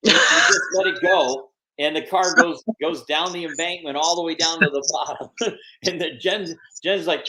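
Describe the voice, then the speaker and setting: An older man, a guest on an interview podcast, telling animated stories and acting out the people he quotes. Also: on the high side, a little fast, a loud crowd, low-quality recording. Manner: animated anecdotes, acts out quoted voices. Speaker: guest, MMA promoter and manager. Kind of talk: storytelling interview.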